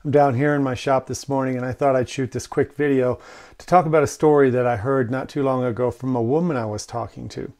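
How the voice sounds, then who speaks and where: A man hosting a men's relationship video, casually recorded in his workshop and telling a story with animated quoted lines. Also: a little fast. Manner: animated storyteller, quoting with raised pitch. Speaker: host of a men's relationship channel. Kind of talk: casual talking-head video.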